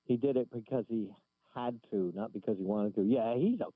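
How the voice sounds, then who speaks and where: A man's voice: mid-range voice, fairly quick, no room sound. A man calling in to a radio show, opinionated and blunt, rambling through his points. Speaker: caller. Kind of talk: casual call-in radio chat. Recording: tinny phone line.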